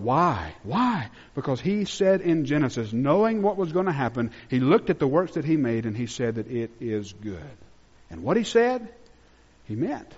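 A male pastor preaching a sermon, swinging between loud emphatic peaks and hushed low drops. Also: very animated, moderate pace. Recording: muffled sound with long reverb in a large hall.

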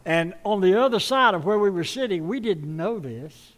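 A man's voice: high-pitched, animated, normal speed. A middle-aged man, preaching a sermon and telling folksy stories to his congregation. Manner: folksy storytelling, warm appeals to the congregation. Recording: long reverb of a large hall.

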